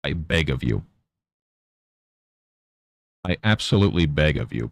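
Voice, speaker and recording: A man with an extremely deep voice and a rough, gravelly edge chats casually on a live stream. He mutters to himself as he works and mock-scolds his pet in a teasing tone. The sound is dry and close, with no room echo. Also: expressive, a little slow, pauses often.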